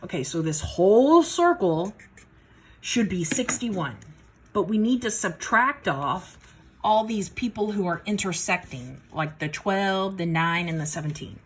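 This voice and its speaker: A woman's voice: mid-range voice, animated, a little slow, a little hiss or hum. A woman teaching math in a casual, folksy way, talking herself through each step of a problem. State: a little out of breath. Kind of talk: casual worked-problem lesson.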